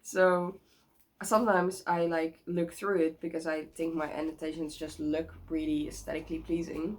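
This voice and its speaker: A woman's voice: low-pitched, level tone, moderate pace, poor audio. Young woman vlogger at home, bubbly and rambling, laughs often. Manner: bubbly, rambling, giggly, many likes and restarts. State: sick. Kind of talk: casual chatty vlog.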